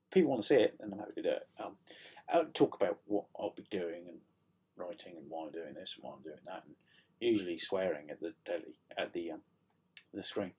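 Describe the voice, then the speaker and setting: A middle-aged man from South Yorkshire talks casually to camera from a room at home. His voice is low and husky, a little croaky. He rambles in a self-deprecating way, full of ums and false starts. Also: animated, brisk, warm tone. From South Yorkshire, England. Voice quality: slightly croaky. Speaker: author vlogging a writing update.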